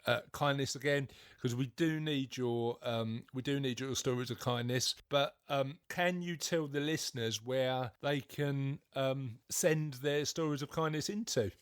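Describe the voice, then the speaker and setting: A man co-hosting a casual podcast, chatty and rambling, with many fillers and quick laughs. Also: medium pitch, clear, resonant tone. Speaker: podcast co-host. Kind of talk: casual chat.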